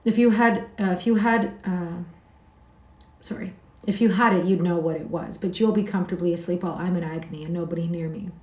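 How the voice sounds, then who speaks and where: Woman doing a peevish sickly boy, whiny and mellow-toned, echoey room. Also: lowish voice, steady tone, fairly quick, recorded from a distance, lightly acted. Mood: whining. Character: sickly petulant whining young boy.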